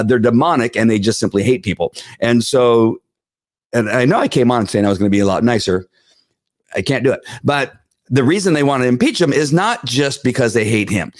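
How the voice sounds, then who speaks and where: Gruff rambling man hosting a livestream. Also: mid-range voice, no room sound, clean studio sound. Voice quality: gruff and rough. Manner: rambling, repeats words, greets viewers. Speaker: live-stream show host. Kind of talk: casual livestream monologue.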